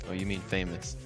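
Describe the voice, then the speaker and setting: A young woman co-hosting a game stream, chatting in a relaxed, playful way and laughing often. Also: rumbling low. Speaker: co-host. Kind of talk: casual chat while gaming.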